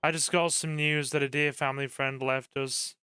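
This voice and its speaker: A man chatting casually to viewers while streaming a game, rambling warmly and bursting into excited cheers. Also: medium pitch, moderate pace, smooth, no echo, studio quality, soft background music. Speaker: gaming streamer. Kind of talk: casual live-stream chat over gameplay.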